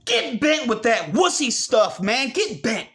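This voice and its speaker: A man delivering a furious, profane rant, often breaking into shouts. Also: extremely high pitch, very animated, a little slow. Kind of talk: angry rant.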